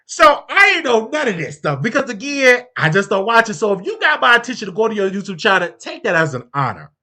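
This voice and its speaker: A woman's voice: mid-range voice, very animated, a little fast, sharp tone. A woman hosting a show, telling gossip in a casual, chatty storytelling way with frequent restarts. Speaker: host.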